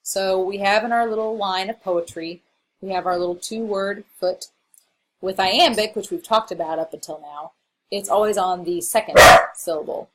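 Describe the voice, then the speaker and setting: Female English instructor, recorded slide lecture; relaxed, filler-heavy delivery, faint background hiss. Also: medium pitch, normal speed, poor audio. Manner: casual, explanatory, with frequent fillers.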